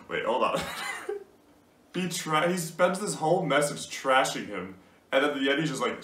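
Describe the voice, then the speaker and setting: A young man talks casually about gaming, amused and disbelieving, often breaking into laughter. His voice sits at an ordinary middle pitch. It sounds roomy and a little distant, as if the mic is set back across the room. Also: expressive, moderate pace, fairly bright tone. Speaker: gaming YouTuber. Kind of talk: casual commentary reading out messages.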